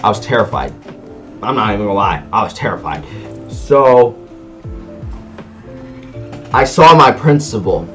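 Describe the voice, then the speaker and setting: A man telling a personal story in a casual vlog, animated and slangy, acting out sounds as he goes. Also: on the low side, measured pace, pauses often, faint music behind. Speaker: vlogger.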